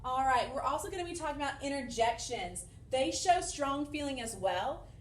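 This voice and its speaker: A woman teaches a fourth-grade grammar lesson in a recorded remote session for children, explaining each step in an upbeat, encouraging way from an empty classroom. Her high, animated voice keeps a moderate pace. It sounds distant and off-mic in the echoey room, with a little hiss or hum.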